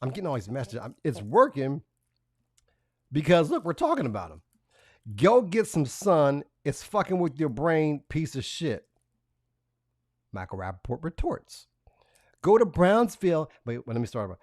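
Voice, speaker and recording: A man's voice: mid-range voice, very animated, moderate pace, a little mellow, no echo, studio quality. A man hosting a live stream, talking casually and reading messages aloud in a profane, mocking way, laughing between lines. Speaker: livestream host.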